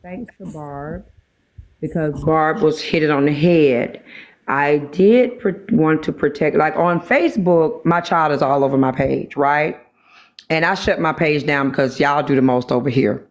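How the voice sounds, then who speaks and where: A woman on a live stream talking candidly about her own experience, rambling with many pauses and restarts. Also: sits low. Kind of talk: personal storytelling in a live chat.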